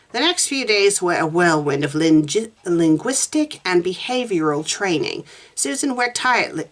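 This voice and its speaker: Brief: woman with a lowish, lively voice, reads fanfic aloud and slips in sarcastic asides. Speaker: fanfiction reviewer. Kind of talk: reading a story aloud with commentary.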